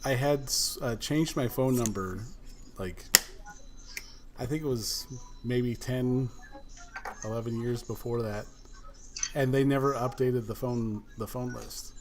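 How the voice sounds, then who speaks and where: A man's voice: medium pitch, slow, pauses often, background noise. A man hosting a podcast, telling a story in casual chat and acting out both sides of a phone call. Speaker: podcast host.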